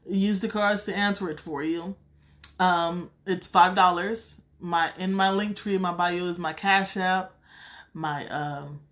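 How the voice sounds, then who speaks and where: A woman with a Southern accent, reading tarot cards on a casual live stream, blunt and profane, calling viewers sweetheart. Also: on the low side. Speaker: tarot card reader.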